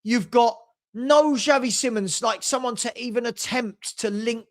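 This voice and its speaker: An older man hosting a live football watchalong, exasperated and sarcastic, breaking into shouts. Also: extremely high pitch, a little slow. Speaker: fan watchalong host.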